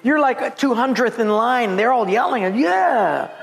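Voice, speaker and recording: Man, pastor, high voice, sermon, humorous storytelling, acts out quotes. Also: normal speed, fairly bright tone.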